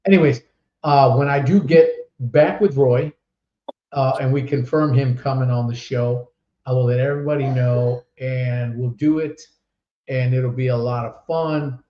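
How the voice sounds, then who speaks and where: A man hosting a casual podcast chat, telling stories in an animated way and laughing often. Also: medium pitch, a little slow. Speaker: podcast host. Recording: roomy, dull online stream audio.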